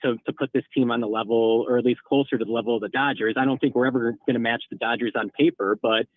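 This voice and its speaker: A man's voice: mid-range voice, steady tone, quick pace, no echo. A man talking sports as a guest, rambling and hedging through his points. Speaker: co-host or guest. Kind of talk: casual sports talk. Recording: tinny phone line.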